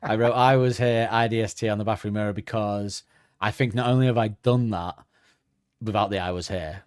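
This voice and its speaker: A man's voice: lowish voice, fairly even intonation, a little fast, clear, resonant tone, no echo, clean studio sound. A man hosting a podcast, chatting casually and rambling with lots of fillers. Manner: rambling, hesitant, many fillers. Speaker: podcast host. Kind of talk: casual chat.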